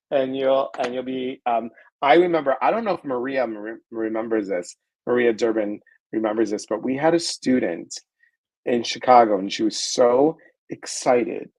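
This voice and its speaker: On a live stream, a middle-aged male guest speaks at a moderate pace in a medium pitch, casual and playful as he says hello to viewers, jokes and reads out their comments with animation. The recording is rough.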